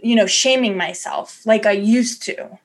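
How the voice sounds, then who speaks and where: A woman's voice: mid-range voice, unhurried. A woman co-hosting a podcast in casual chat, candid and self-deprecating, rambling with restarts and acting out her inner voice. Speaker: podcast co-host.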